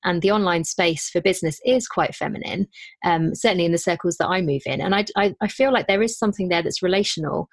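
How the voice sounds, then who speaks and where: A woman's voice: fairly low pitch, fast talker, no room sound. A woman running a podcast and a business, chatting in an interview in a self-deprecating way, with frequent restarts. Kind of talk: casual interview chat.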